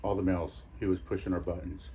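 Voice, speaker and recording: A man's voice: sits low, flat delivery, fast talker, mellow, a little hiss or hum. A man who investigates the paranormal, telling a story in an interview in a rambling way.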